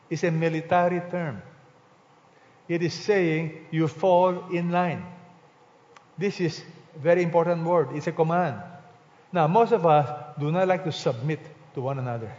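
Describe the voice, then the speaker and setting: A man preaching a sermon, quizzing the congregation and swinging between loud commands and quiet asides. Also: fairly high pitch. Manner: call-and-response preaching, asks the congregation questions. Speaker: pastor. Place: church hall. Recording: dull, reverberant hall recording.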